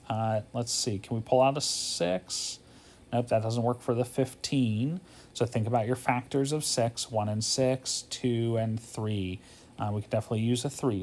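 A man's voice: medium pitch, a little mellow. A man teaching a math homework walkthrough, thinking aloud in a casual way, tired and yawning, often checking in with "okay?".

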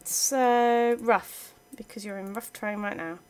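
A woman's voice: mid-range voice, fairly even intonation, measured pace, darkish tone. A woman giving casual let's-play commentary, chatting playfully to her game units as she plays. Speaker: gaming channel host.

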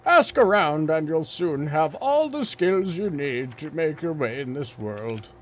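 A man voicing a kindly old village man in a game, in a slow, drawn-out old man voice. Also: fairly high pitch, very animated, slight background noise. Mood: friendly.

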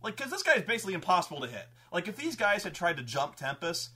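A man, a game master, telling a tabletop campaign story in an animated, profane, casual way. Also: high-pitched, fast, husky. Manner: animated, profane, acts out characters.

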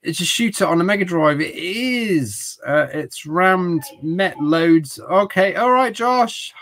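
Heard through a rough recording, a middle-aged man with a high, fairly bright, animated voice speaks slowly as he streams retro games. He chats casually, rambling along with jokes and stumbling restarts.

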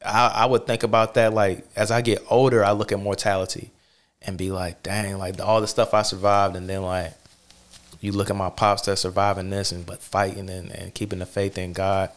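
A man hosting a podcast, talking in a relaxed, reflective way with many fillers. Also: low voice, normal speed. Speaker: podcast host. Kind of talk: casual chat.

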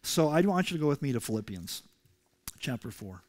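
A male pastor preaching a sermon to his congregation, emphatic and rising loud when he reads scripture. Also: fairly high pitch, sing-song, moderate pace. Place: church sanctuary.

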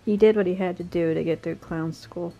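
A woman's voice: fairly low pitch, fairly even intonation, brisk, mellow. A woman vlogging casually about her cat, playful and teasing, with giggles. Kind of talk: casual chat. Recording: music playing behind.

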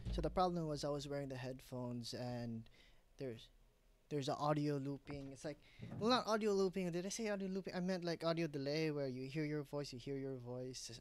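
A man's voice: a little high, slight background noise. A young man vlogging at his home desk setup, rambling casually with frequent restarts and self-corrections.

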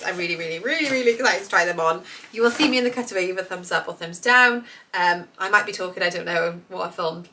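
A British woman in her thirties talks her way through a clothing haul in a chatty, meandering way, full of fillers and excitement. Her bright, forward voice is a little hoarse, as if she is still getting over a cold. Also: mid-range voice, low-quality recording. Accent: British English. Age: 30s. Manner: chatty, rambling, enthusiastic, many fillers. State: slightly hoarse, recovering from illness. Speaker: fashion vlogger. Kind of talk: casual try-on haul chat.

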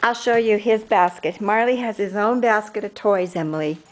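A woman's voice: medium pitch, normal speed, a little hiss or hum, rough recording. An older woman, a grandmother, chatting on the phone in a casual home video while coaxing her dog in a sing-song voice. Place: indoors at home, house rooms.

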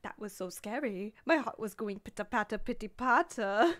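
A woman's voice: fairly high pitch, animated, normal speed, fairly bright tone. A woman in her twenties chatting on a live game stream, flustered and laughing nervously. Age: 20s. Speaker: Roblox streamer. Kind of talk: live gameplay stream chat.

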